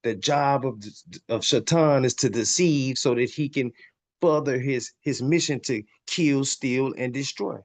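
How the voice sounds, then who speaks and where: A man's voice: medium pitch, a little slow. A man hosting a podcast, teaching on spiritual topics in a preachy way, reading passages aloud and repeating lines for emphasis, often stumbling over repeated words. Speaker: podcast host.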